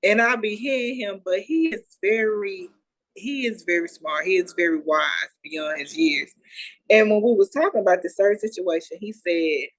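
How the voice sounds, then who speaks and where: A woman's voice: mid-range voice, normal speed. A woman co-hosting a podcast, telling a story in loose, conversational vernacular. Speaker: podcast co-host. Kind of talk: casual chat.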